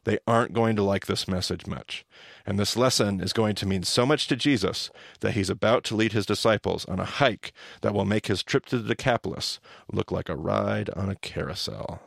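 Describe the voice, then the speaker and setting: A man's voice: fairly low pitch, moderate pace, creaky, no room sound, studio quality. A man hosting a podcast, teaching in casual chat and acting out the lines he quotes. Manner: animated storyteller, acts out quoted lines.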